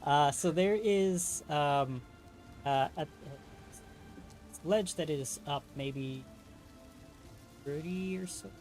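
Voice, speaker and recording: A man narrating as game master of a tabletop game, pausing often with ums and uhs. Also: on the high side, darkish tone, faint music behind. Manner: halting, many ums and uhs.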